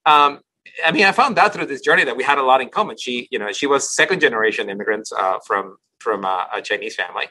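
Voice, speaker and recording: Fast-talking husky man telling a story. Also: medium pitch, low-quality recording. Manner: rapid, animated, restarting phrases often. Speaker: guest. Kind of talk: casual interview storytelling.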